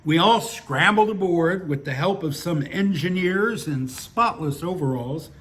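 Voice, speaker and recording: A man's voice: a little high, lively intonation, measured pace, a bit bright. A man reading his own stories aloud and chatting between them, with dry, wry humor and a grumbling edge. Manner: opinionated grumbling. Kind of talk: casual monologue and story reading.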